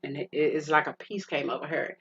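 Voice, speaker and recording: A middle-aged woman recounts a personal story on her podcast, her voice bright and forceful. She rambles, restarts her sentences and speaks straight to the listener like a friend. The recording is muffled and lo-fi, with a faint hiss underneath. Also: sits low, flat delivery, brisk, gravelly. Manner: emotional, rambling with restarts, addresses listener as "girl". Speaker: podcast host.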